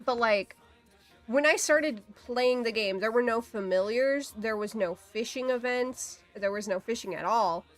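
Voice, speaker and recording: A woman's voice: a little high, a little slow, soft background music. A woman livestreaming in casual, rambling chat, swearing easily and saying "like" a lot.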